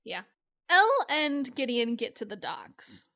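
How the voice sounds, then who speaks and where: High-voiced woman, blunt casual podcast talk. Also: big pitch swings, a little slow, creaky, sharp tone. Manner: blunt, profane, emphatic. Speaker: podcast co-host. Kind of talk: casual chat recapping a TV show.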